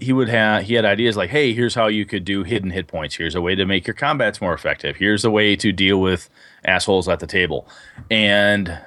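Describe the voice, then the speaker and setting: A man with a lowish voice co-hosts a laid-back tabletop gaming podcast, spinning long, meandering stories packed with fillers. He's an animated, rambling storyteller, and the recording is studio quality with no room sound.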